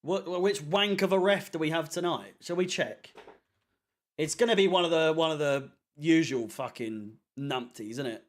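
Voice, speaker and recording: A man's voice: on the high side, normal speed. Chatty man hosting a live stream. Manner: rambling, chatty, swears casually, many fillers. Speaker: fan channel watchalong host. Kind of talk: casual live-stream chat reading comments.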